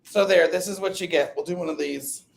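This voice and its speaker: Chatty, excitable man with a gravelly voice. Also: a little high, a little fast. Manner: chatty, excitable, self-interrupting. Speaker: livestream host. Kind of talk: casual live chat.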